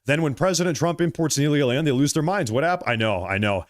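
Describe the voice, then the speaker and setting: A man's voice: a little high, animated, fast, hardly any pauses. A man hosting a political livestream, reading viewer comments aloud and answering them in an emphatic, repetitive way. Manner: emphatic, repeats phrases, thanks viewers by name.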